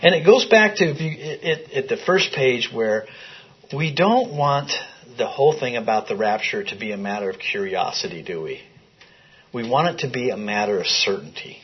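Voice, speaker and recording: A Bible study teacher with a slightly husky, medium-pitched voice leads interactive scripture teaching for a small group in a room. Expressive and moderately paced, he reads passages aloud and often pauses to ask his listeners questions. The recording is dull, muffled and lo-fi.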